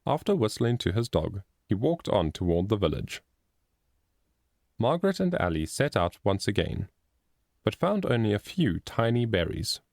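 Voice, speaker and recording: A man narrating a storybook chapter in a steady, expressive reading. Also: on the low side, normal speed, creaky, no room sound, studio quality. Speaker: audiobook narrator.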